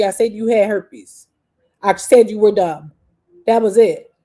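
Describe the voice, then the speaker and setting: A woman's voice: medium pitch, a little slow, dark tone. A young adult woman hosting a talk show, ranting in a profane, combative, rambling way with frequent restarts. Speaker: podcast host. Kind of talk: casual rant monologue.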